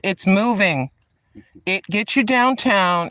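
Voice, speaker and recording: An older woman hosting a walking vlog outdoors in a park, chatting in a rambling way and addressing viewers as ladies and gentlemen. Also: mid-range voice, animated, normal speed, no echo. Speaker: vlog host. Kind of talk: casual walking vlog chat.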